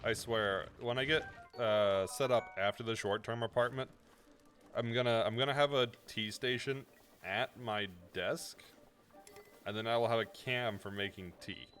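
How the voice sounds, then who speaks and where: A man's voice: mid-range voice, steady tone, measured pace, a bit bright, faint music behind. A man streaming a game and bantering playfully with his chat, teasing back and laughing at himself. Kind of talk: casual gameplay stream chat.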